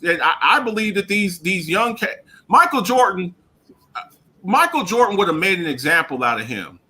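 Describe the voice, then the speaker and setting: Animated high-voiced man ranting about sports. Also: moderate pace. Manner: animated, emphatic, repeats himself, laughs often. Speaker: radio show co-host. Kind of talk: casual sports talk.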